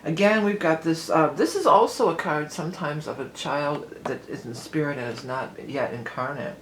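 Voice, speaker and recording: A woman gives a tarot reading at a moderate pace in a low voice, loose and talkative, laughing often as she drifts from one tangent to another. Her voice sounds roomy, ringing off reflective surfaces, with a faint background hiss.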